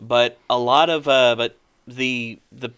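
A man hosting a laid-back podcast, rambling through stories with lots of "like" and "uh". His voice is bright and crisp, smooth and clean. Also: medium pitch, slow. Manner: rambling, animated storytelling with fillers. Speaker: podcast host. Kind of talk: casual chat.

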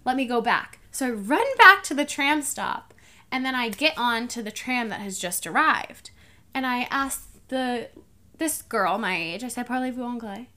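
Bright-voiced young woman telling a travel story. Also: fairly high pitch, a little slow. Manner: animated storyteller, acts out dialogue, laughs often. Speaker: podcast co-host.

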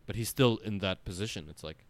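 A man's voice: lowish voice, a little fast, no echo. A man chatting casually on a podcast, rambling with many fillers and frequent swearing. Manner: rambling, animated, swears often, lots of filler words. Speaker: podcast co-host.

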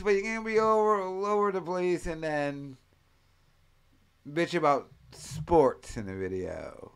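A man's voice: on the high side, unhurried, fairly bright tone, clear, resonant tone. A man hosting a casual commentary show, rambling and profane, laughing as he talks. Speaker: host.

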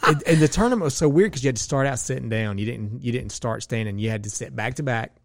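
A man's voice: medium pitch, fast, creaky, no echo, studio quality. A man telling a fight story in casual chat, cursing freely and restarting his sentences. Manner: profane storytelling with lots of restarts.

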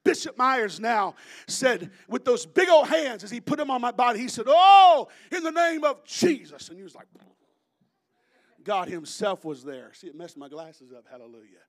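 A man in his thirties from Florida, preaching a sermon as animated storytelling that bursts into shouting. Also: sits high, normal speed. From Florida, USA. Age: 30s.

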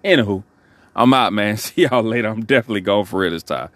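A man's voice: fairly low pitch, expressive, fast, a little hiss or hum. Rambling laid-back podcast host, a man. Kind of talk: casual podcast sign-off.

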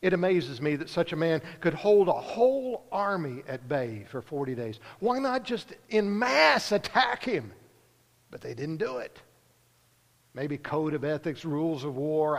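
A man preaching a sermon, earnest, pausing and lifting his voice for emphasis. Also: fairly high pitch, creaky, in a large hall.

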